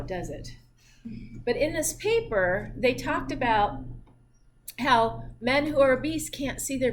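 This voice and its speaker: A woman's voice: a little high, lively intonation, unhurried, slight background noise. A woman instructor giving a recorded physiology lecture in a chatty way, with jokey asides and laughter at her own slips.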